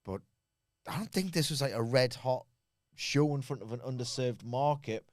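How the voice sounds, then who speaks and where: A man's voice: medium pitch, dry recording, clean studio sound. A man co-hosting a podcast, giving a wry, rambling wrestling show review in casual chat. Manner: wry, rambling, quick bursts.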